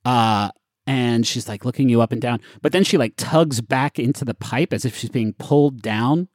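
A man's voice: medium pitch, normal speed, darkish tone, no room sound, clean studio sound. A man narrating as game master in a casual, chatty way with many fillers.

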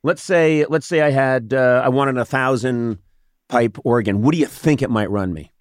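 A man's voice: medium pitch, normal speed, no echo, studio quality. A man hosting a comedic interview, joking playfully as he asks questions. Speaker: talk show host.

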